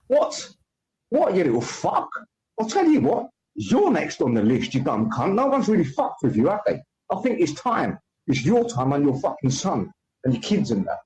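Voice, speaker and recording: A man's voice: high voice, warm tone, highs cut off. A man hosting a livestream, ranting at a viewer in a taunting, abusive way and swearing heavily. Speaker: livestream host.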